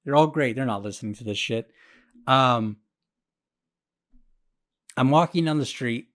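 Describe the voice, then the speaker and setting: A man's voice: medium pitch, unhurried, a bit bright. A man hosting a podcast who tells a story in a rambling, profane, self-mocking way. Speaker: podcast host. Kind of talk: casual storytelling monologue.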